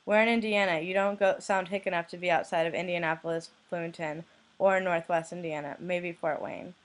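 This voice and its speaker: A young woman from the United States, a blogger who reads anonymous messages aloud in a flat, deadpan way. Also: fairly low pitch, a little fast. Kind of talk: reading messages aloud to camera.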